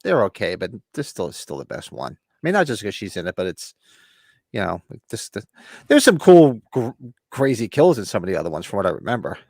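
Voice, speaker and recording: A man's voice: on the low side, huge pitch swings, brisk, a little mellow, no echo, studio quality. A man hosting a casual live movie watch-along, rambling and restarting his sentences. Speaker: host. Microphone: webcam stream setup.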